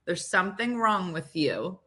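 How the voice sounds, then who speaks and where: Woman co-host, morning radio banter, animated and sharp-toned, teasing. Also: on the low side. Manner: teasing, laughs often, quick asides. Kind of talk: casual morning show banter.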